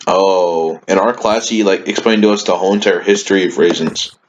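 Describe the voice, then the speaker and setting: A man's voice: sits low, a little fast. A man co-hosting a podcast in casual chat, rambling through stories and giggling often. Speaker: podcast co-host. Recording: dull lo-fi with faint hiss.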